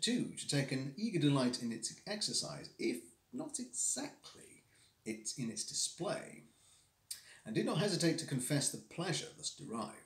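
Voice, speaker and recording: A man reads a classic story aloud on a live stream, his voice a bit high and full of movement. He reads expressively and now and then trips over a difficult word. The recording has a roomy echo. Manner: expressive reading, stumbles over hard words.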